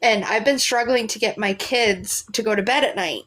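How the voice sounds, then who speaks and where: A woman's voice: a little high, normal speed, a bit bright. A woman, chatting candidly as a guest on a live stream, rambling with many likes. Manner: rambling, candid, full of likes and self-quotes. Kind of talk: casual live chat.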